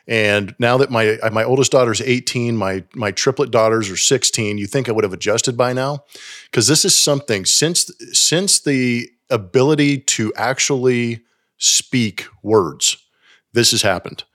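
A man in his forties, co-hosting a podcast, telling home stories in a lively, animated way. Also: medium pitch, unhurried. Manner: animated storyteller, acts out his daughters' voices. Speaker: podcast co-host. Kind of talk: casual chat.

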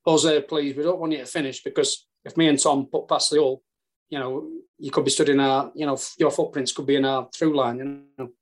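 A man's voice: mid-range voice, fairly even intonation, a little fast, lightly acted. A man voicing a fussy golfer who objects politely and hesitantly, padding his words with "you know".

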